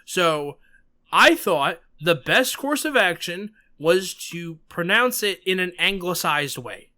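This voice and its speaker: A man from New York hosts a podcast at a slow pace, his high, bright voice rising and falling. Emphatic and animated, he slips sarcastic asides into casual conversation.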